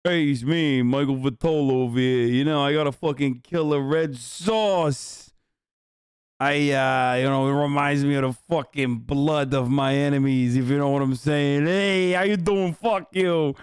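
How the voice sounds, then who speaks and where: A man putting on a swaggering middle-aged Italian-American mobster with gruff, menacing bravado. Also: fairly high pitch, fairly even intonation, unhurried, no room sound, clean studio sound, natural voice.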